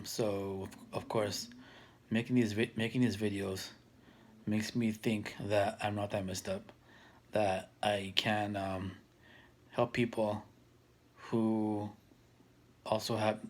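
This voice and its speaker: A man in his thirties talking casually to camera, soft-spoken and hesitant, with many fillers and restarts that trail off quietly. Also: on the low side. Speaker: vlogger.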